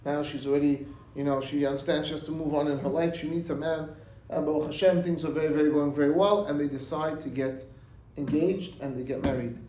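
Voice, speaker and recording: Man, rabbi, storytelling sermon, high voice, echoey room. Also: brisk. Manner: animated, acts out the voices in the story; mixes in Hebrew and Yiddish words.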